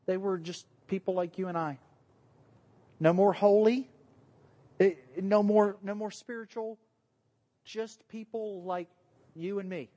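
A man's voice: high-pitched, in a large hall. Southern male pastor, chatty sermon, self-deprecating humor. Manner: joking, conversational, self-deprecating. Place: church meeting room.

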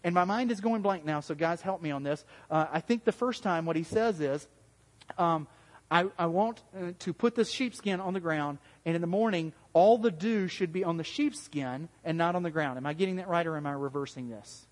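A high-voiced man preaching an interactive sermon. He talks in a conversational way, asks the room questions and acts out quoted voices with big jumps. His voice rings with a long hall reverb. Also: normal speed. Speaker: pastor.

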